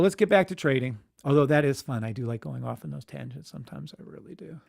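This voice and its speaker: A man's voice: mid-range voice, vocal fry. A man hosting a casual live stream, ranting animatedly with swearing and muttering to himself at his computer. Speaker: livestream host.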